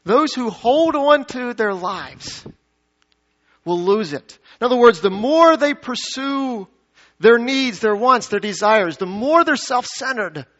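A male pastor preaching to his congregation, swinging from emphatic peaks to quiet low asides and asking the crowd questions. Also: expressive, slow. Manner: dynamic preaching, rising to emphatic peaks then dropping low. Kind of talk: sermon. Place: church sanctuary. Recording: dull lo-fi sound.

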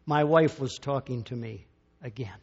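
A man preaching a sermon, slow and dramatic, with big swings between loud bursts and quiet, drawn-out phrases. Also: medium pitch, dull audio, a little hiss or hum. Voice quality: slow, dramatic delivery with big swings in loudness and long pauses.

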